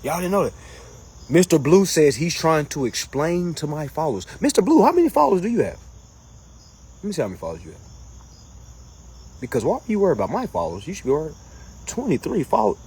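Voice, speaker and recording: A husky, raspy man hosts a casual livestream, reading and mocking comments. His voice sits a little high and jumps all over, from loud taunts down to low, quiet asides. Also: quick pace, long pauses. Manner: animated, mocking, swings between loud jokes and low asides.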